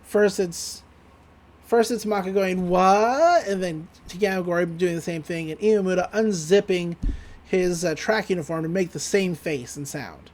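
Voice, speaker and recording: A podcast co-host giving a casual episode recap, retelling scenes and quoting characters in lively put-on voices, loose and profane, often laughing. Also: medium pitch, normal speed.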